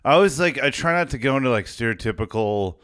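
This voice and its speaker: A man's voice: medium pitch, animated, quick pace, fairly bright tone, clean tone. A man in his thirties hosting a comedy podcast, rambling casually and laughing a lot. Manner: rambling, laughing, lots of filler. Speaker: podcast host.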